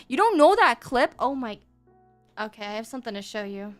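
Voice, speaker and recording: A young woman with a high voice chats on a live stream while drawing. She rambles and giggles, excitable and loose. Soft music plays behind her. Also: brisk. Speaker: VTuber streamer. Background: faint background music.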